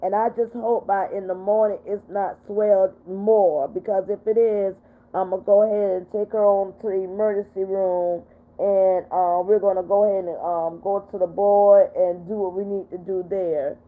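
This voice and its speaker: A woman's voice: mid-range voice, little pitch movement, moderate pace. An older woman, upset and tearful, talking on her livestream and reading out viewer comments. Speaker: livestream host. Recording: tinny phone-quality audio.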